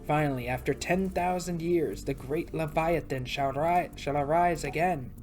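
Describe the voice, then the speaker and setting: A woman's voice: deep voice, moderate pace, a little mellow, faint music behind, close to an everyday voice. A woman playing a grand, ancient villain mastermind. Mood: menacing.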